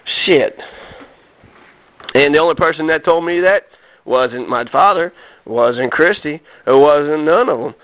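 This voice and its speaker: A man speaks a little higher than most men as he rants to his audience. He is blunt and profane, restarting sentences and leaning on fillers as he gets heated. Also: animated, unhurried, pauses often, a bit bright, low-quality recording. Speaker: vlogger. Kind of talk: personal rant to camera.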